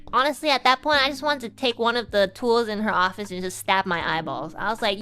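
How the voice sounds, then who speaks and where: Bright, animated young woman storyteller. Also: fairly high pitch, fast talker, hardly any pauses, clear, resonant tone. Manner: animated, exaggerated retelling with quoted voices and laughs. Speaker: streamer. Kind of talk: casual storytelling chat.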